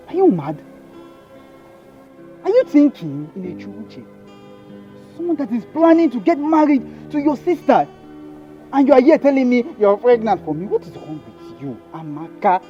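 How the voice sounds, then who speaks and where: Brief: a boastful, hot-tempered young Nigerian man, animated and shouty, mellow tone. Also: very high-pitched, normal speed, long pauses. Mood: angry. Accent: Nigerian English. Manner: loud, angry denials and threats. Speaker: actor playing Victor, a young man engaged to his lover's sister. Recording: dull film audio with music behind.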